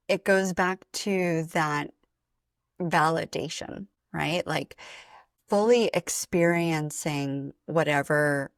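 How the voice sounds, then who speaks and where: A woman working as a spiritual coach, speaking as a podcast guest in a gentle, measured way with frequent pauses. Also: on the low side, dry recording, clean studio sound. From Atlanta, USA. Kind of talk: reflective interview talk.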